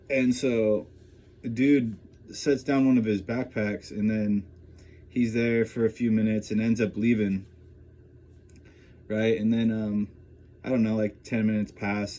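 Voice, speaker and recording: A man's voice: fairly low pitch, warm tone. A man telling a personal story in a loose, casual way, full of fillers and constantly checking in with the listener. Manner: rambling, filler-heavy, keeps checking in with "right?" and "you know?". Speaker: vlogger.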